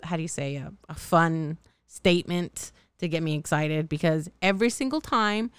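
Brief: woman in her thirties, solo podcast host, very smooth clear voice, dry close mic, blunt and cussing, sore throat. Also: low-pitched, normal speed, dry recording. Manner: blunt, profane, laughs often, self-mocking. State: slightly sore, scratchy throat. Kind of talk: candid solo podcast monologue.

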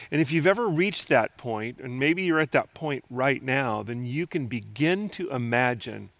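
A man's voice: medium pitch, gravelly, a bit bright, no room sound. A man preaching a sermon in an earnest, conversational way, asking his listeners rhetorical questions. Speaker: pastor.

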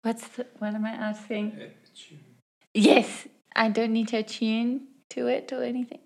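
A woman with a slightly raised pitch plays her character at the table. She sounds offhand and easygoing, with frequent giggles. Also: little pitch movement, unhurried, creaky. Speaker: player. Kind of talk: casual tabletop play.

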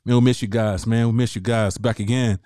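A man co-hosting a podcast in casual chat, hyped and slangy as he gives shout-outs. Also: medium pitch, fairly even intonation, fairly quick, smooth, dry recording, studio quality. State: out of breath. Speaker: podcast co-host.

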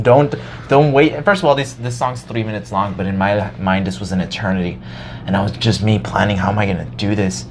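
A young man telling a high school story in casual chat, animated, swearing often and acting out his past self. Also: slight background noise.

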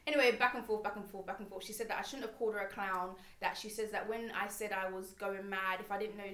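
A young woman tells a story fast and animatedly, mimicking the people she quotes. Her voice is bright and high, and the room is echoey. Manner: animated storyteller, quoting others. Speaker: podcast co-host. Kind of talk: casual chat, storytelling.

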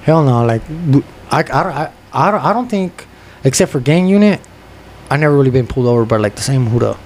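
A man's voice: medium pitch, lively intonation, brisk, darkish tone, a little hiss or hum. A man co-hosting a podcast, talking in a slangy, profane, emphatic way. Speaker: podcast co-host. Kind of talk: casual chat.

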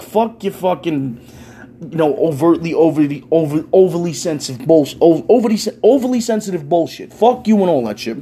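A young man, delivering a loud, profane rant in a casual stand-up style. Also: fairly high pitch, slightly rough. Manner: loud, swearing, ranting, animated. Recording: faint background noise.

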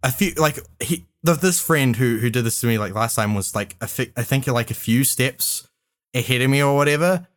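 A man's voice: medium pitch, fairly bright tone. Rambling young man telling a story. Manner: rambling, halting, many fillers and restarts. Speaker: podcast regular. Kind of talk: casual storytelling among friends.

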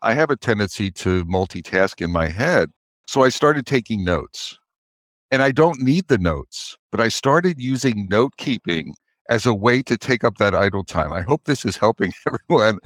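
A man answers an interview question about leadership with an animated, expressive delivery, his pitch rising and falling freely. He works through examples and acts out short bits of dialogue as he goes. The sound is dry and close, with almost no room around it. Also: no room sound. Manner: animated, explains with examples and acted-out quotes. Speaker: guest author and leadership coach.

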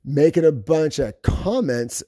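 Chatty rambling man, dark voice. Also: fairly high pitch, expressive, unhurried, no room sound, studio quality. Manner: rambling, chatty, self-correcting. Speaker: podcast host. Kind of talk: casual chat about fantasy football.

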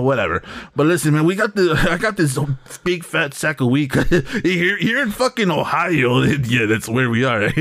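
Hosting an off-the-cuff comedy bit, this man has a slightly high voice with a fairly bright tone. His patter is crude and meandering, and he keeps cracking himself up.

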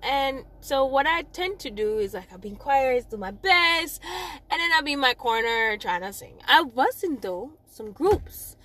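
A woman's voice: high voice, unhurried. Chatty young Jamaican woman, rambling. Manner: rambling, animated, self-correcting, laughs at herself. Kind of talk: casual personal storytelling.

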